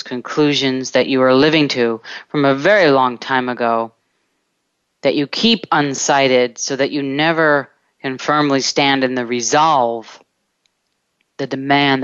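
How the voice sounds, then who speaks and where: A self-help podcast host giving a reflective coaching monologue, speaking slowly and deliberately and drawing out words in long lists. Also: medium pitch, a bit bright, clear, resonant tone, no echo, lo-fi sound.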